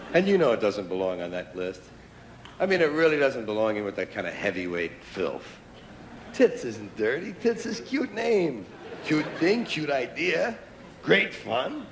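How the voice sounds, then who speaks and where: A man doing a stand-up comedy routine before a live audience, with a wry, drawn-out delivery and sudden loud outbursts. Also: medium pitch, slight background noise. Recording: live club recording with crowd laughter. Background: audience laughter.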